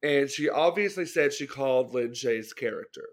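A young adult man co-hosts a podcast, chatting casually about films in an animated, mid-range voice at normal speed. He hedges and second-guesses himself, restarting his sentences often.

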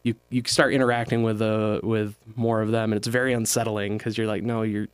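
A man's voice: fairly low pitch, flat delivery, a little fast, clear, resonant tone, no echo. A young man co-hosting a casual chat, explaining things at length with hesitations. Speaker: podcast co-host.

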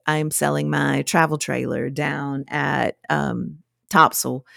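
A woman co-hosting a casual chat podcast, telling animated stories. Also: gravelly, no echo, clean studio sound. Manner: animated storyteller, drawling, quotes people in high voices. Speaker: podcast co-host.

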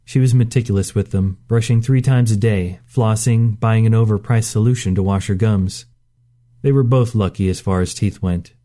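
A man narrating a short story in a steady, measured reading. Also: lowish voice. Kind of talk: scripted narration.

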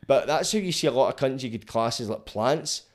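A man's voice: mid-range voice, expressive, fairly quick. A young Glaswegian man hosting a casual chat, blunt and full of swearing. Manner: sweary, blunt, laughs often. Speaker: podcast host.

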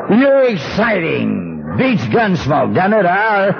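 A man's voice: high voice, sing-song, a little slow, vocal fry, hardly any pauses. A middle-aged man telling a humorous recovery story, acting out the voices he quotes. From Southern California. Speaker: speaker at a recovery meeting. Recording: dull old lo-fi tape with faint hiss.

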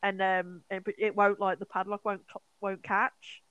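Young woman rambling thru a movie plot, lots of "like", swears a bunch, dry close mic, mid pitch. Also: a little slow, clean tone, no room sound, lo-fi sound. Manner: animated, swearing, lots of "like" fillers, acting out quotes. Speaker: podcast co-host. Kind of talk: casual chat retelling a film.

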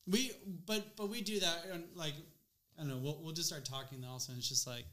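A man's voice: a little high, animated, fast talker, bright, forceful tone. A man chatting casually on a podcast, giggly and repeating his words as he restarts. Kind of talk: casual chat.

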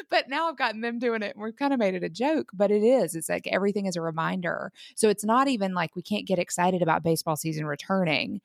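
A woman's voice: mid-range voice, fast, creaky, no echo, clean studio sound. A mother, co-hosting a casual podcast chat, rambling with lots of fillers and restarts. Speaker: podcast co-host.

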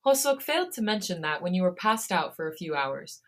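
A woman voicing a gentle, caring young man who speaks softly, in a fan fiction read aloud. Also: on the low side, very animated, fairly quick. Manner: gentle, soothing.

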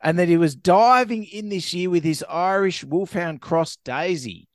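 A man's voice: high-pitched, a little slow, no echo, studio quality. A man co-hosting a casual chat, reading news items aloud, playful and laughing often. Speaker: co-host.

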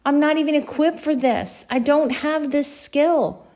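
A woman preacher voicing a frightened, reluctant man who stammers out his doubts in rushed, anxious questions. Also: high-pitched, a little mellow, voice pushed up.

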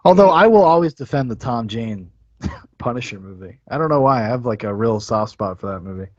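A man talks about films with real enthusiasm, his pitch bouncing around in a lively way as he swears and laughs. The sound is dry and slightly dull. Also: a little fast, no room sound. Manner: enthusiastic and profane, laughs easily. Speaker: podcast guest. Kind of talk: casual film review chat.

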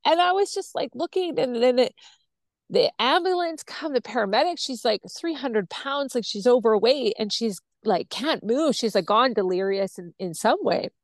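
A woman, a podcast guest, telling a personal story in an animated, blunt way, acting out other people's voices and swearing freely. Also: fairly high pitch, normal speed, dry recording.

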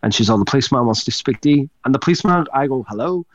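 A man's voice: mid-range voice, animated, very fast, no echo, dull audio. A man co-hosting a podcast, telling a rambling story with lots of swearing and laughing mid-sentence. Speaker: podcast co-host. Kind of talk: casual storytelling chat.

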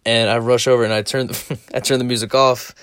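A man's voice: mid-range voice, level tone, fairly quick, a bit bright, clean tone, no echo, studio quality. A young man telling crude, self-deprecating stories in a casual solo podcast, rambling and laughing. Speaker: solo podcaster and store clerk.

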